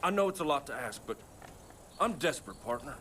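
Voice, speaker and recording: An actor playing a desperate young rural pilot who swears often and swings between panic and cheer, in a video game cutscene. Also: male voice, a little high, sing-song, brisk, heavy background noise. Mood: pleading. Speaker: bush pilot.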